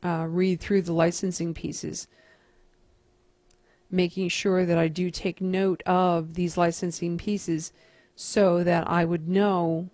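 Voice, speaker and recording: A woman teacher calmly talking through a computer task step by step in a screen-recorded tutorial. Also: fairly low pitch, takes it slowly, dry recording. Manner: methodical, step-by-step instruction.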